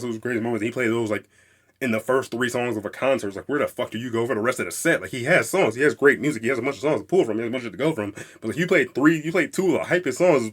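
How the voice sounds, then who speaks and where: A young man hosting a casual music podcast, rambling excitedly, swearing freely and laughing as he talks. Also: mid-range voice. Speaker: podcast host.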